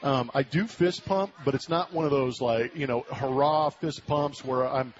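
A man's voice: medium pitch, moderate pace. A man in his forties from Southern California, a former ballplayer telling a story as a guest in a casual interview. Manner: animated storyteller, acts out quoted voices. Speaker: former baseball player, guest. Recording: muffled radio broadcast audio.

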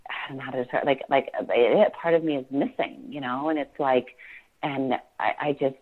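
A woman in her forties giving a podcast interview, halting and full of fillers and restarts as she talks about her family. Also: a bass voice. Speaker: podcast guest. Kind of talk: emotional personal interview. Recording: tinny phone-like line.

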